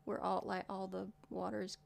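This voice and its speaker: A woman's voice: mid-range voice, completely flat delivery, normal speed, creaky. A woman, chatting casually and rambling as she loses her words, laughing often. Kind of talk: casual chat.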